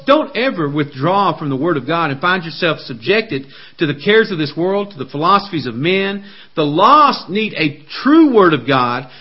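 A man preaching a sermon, emphatic, his voice climbing high when he quotes scripture. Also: breathy edge, muffled recording. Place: indoor room, camera on a helper.

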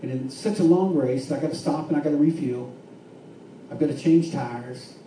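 A man preaching a sermon, swinging between fervent shouts and hushed, quiet stretches. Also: fairly high pitch, normal speed, slight background noise. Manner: impassioned preaching with rising shouts and hushed drops. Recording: echoey room from far off with faint ambience.

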